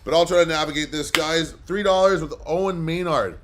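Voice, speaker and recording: A man's voice: fairly high pitch, a little fast, background noise. A man hosting a live comic book auction, chatting casually and rambling with lots of fillers between bids. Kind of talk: casual livestream chat.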